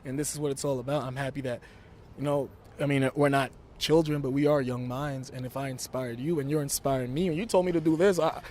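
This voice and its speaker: A man's voice: medium pitch, fairly even intonation, fast talker, darkish tone, slight background noise. A young man from Brooklyn, talking brashly and emphatically as a wrestler guest in an interview. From Brooklyn, New York. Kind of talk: interview talk.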